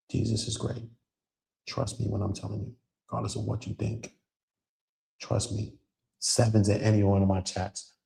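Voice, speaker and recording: A low-voiced man with a gravelly edge talks straight to his livestream viewers. He preaches with emphasis and leans on words like bro and man as he goes. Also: mellow. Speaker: channel host. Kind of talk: casual livestream talk.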